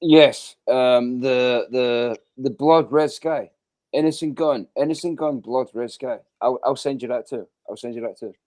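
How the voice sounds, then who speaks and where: Here the host is a man from Scotland with a medium-pitched, darkish voice, speaking a little slowly. It's a laid-back video-call chat full of rambling, hesitation, frequent ums and an odd curse.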